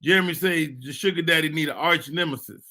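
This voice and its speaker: Male talk host, high bright voice, loose rambling banter. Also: fairly quick. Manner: loose, rambling, joking asides. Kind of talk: casual chat.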